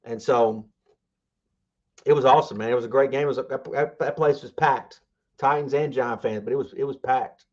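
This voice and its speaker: A man's voice: medium pitch, fairly even intonation, normal speed, muffled recording. A man co-hosting a sports podcast in casual chat, rambling and enthusiastic, full of fillers and restarts. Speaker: podcast co-host.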